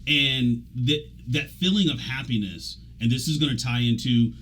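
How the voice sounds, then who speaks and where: A man's voice: mid-range voice, moderate pace, a bit bright, low-quality recording. A man hosting a radio talk show as an executive coach, talking casually and animatedly, often trailing off and restarting. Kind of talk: casual conversational interview.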